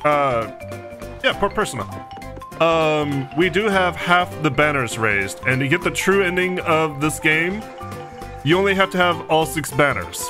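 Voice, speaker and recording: A man from Texas giving casual, joking gameplay commentary with chatty, self-mocking asides. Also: on the high side. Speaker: let's play host.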